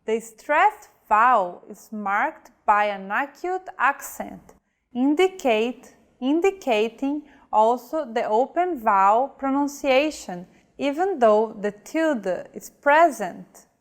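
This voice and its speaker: Slow, careful woman teacher. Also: on the high side, lively intonation. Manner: slow, careful, enunciating example words. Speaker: language teacher. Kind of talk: slow scripted pronunciation lesson.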